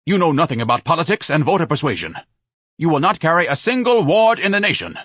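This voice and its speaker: A man's voice: fairly high pitch, sing-song, fast, husky, dry recording, clean studio sound, pitched above the performer's own voice, heavily acted. A man playing a pompous, blustering giant of a man. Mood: grandiose. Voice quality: pompous, grandiose. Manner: loud, theatrical oratory. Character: pompous huge blustering man, grandiloquent and indignant.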